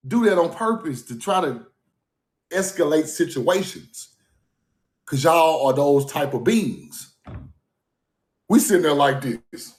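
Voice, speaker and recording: Animated man on a casual livestream. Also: a little high, a little slow, pauses often, echoey room. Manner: animated, emphatic, laughs often, repeats himself. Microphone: phone or streaming mic.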